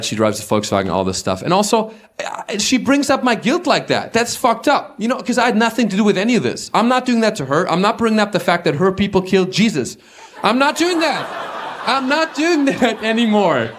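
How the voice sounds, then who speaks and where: A German man with a German accent doing stand-up comedy and crowd work on a club stage, animated and mocking as he riffs with the audience. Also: sits high. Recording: live club recording, clear crowd noise.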